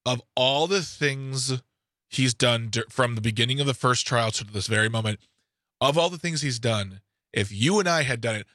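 Male talk radio co-host, chatty and wisecracking, bright voice, dry close studio mic. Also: medium pitch, no room sound. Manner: chatty, jokey, quick to agree. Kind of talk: casual talk radio discussion. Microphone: studio microphone.

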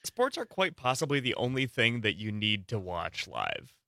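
A man co-hosting a morning radio show, trading quick, wry banter with the host. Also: mid-range voice, wildly swooping pitch, bright, forceful tone, no echo, studio quality.

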